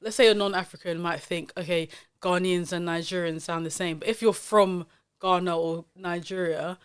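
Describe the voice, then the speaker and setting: A woman hosting a podcast, her voice smooth and clean, pitched a little low for a woman. She talks in an emphatic, opinionated way, with a lot of "like" and "um" along the way. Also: fairly even intonation, normal speed. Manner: opinionated, emphatic, lots of fillers. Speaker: podcast host. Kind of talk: casual chat.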